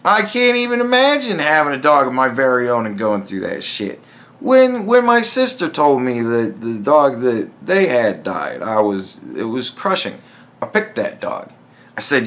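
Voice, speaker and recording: Man, casual solo podcast talk, blunt and swearing, rambling, lively up-and-down pitch. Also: a little slow. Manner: blunt, profane, rambling with restarts. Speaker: podcast host. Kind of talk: casual monologue.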